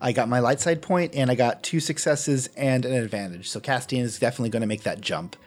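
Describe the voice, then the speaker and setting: A man playing a tabletop game, narrating his character's actions in an unhurried storytelling way. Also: mid-range voice, faint music behind. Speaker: player.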